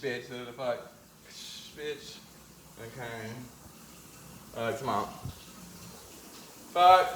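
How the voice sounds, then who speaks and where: Sassy animated young man chatting. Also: very slow, pauses often. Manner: sassy, animated, slangy, laughs a lot, high squeals. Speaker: vlogger. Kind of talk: casual chat to viewers.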